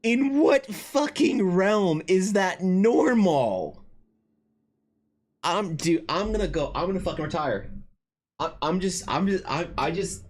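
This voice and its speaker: Flustered, swearing male art streamer. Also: on the high side. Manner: swears a lot, stammers and restarts when flustered. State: overwhelmed and emotional. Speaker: art livestream host. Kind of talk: casual livestream chat.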